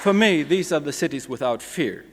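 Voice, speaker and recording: A man closing a conference greeting in earnest tones, slowing down for emphasis. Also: fairly high pitch, lively intonation, some chatter behind. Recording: echoey hall from a stage mic.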